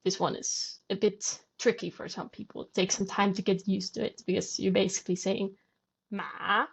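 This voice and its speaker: A woman's voice: medium pitch, flat delivery, brisk, vocal fry, a little mellow, slightly rough. A woman guest on a podcast, patiently explaining language and demonstrating sounds aloud. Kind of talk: conversational explanation.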